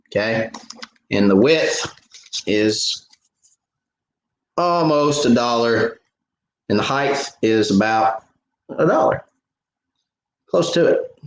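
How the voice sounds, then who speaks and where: A man's voice: medium pitch, reverberant, rough recording. A man hosting a live fishing Q&A, chatting casually and retelling stories with many fillers and restarts. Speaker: fishing show host answering viewer questions.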